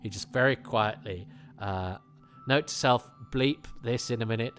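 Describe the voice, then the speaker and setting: A man's voice: mid-range voice, unhurried, fairly bright tone, soft background music. A middle-aged man hosting a podcast, chatting casually in a rambling way with many restarts. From England. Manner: rambling, self-interrupting, with frequent fillers and restarts. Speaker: podcast host.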